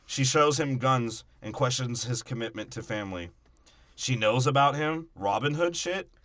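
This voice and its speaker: A man's voice: mid-range voice, expressive, fairly bright tone, no echo. Guy cohosting a movie podcast, crude jokes, dry close sound. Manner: crude, joking, trades quick riffs and impressions. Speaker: podcast co-host. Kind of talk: casual movie-breakdown chat.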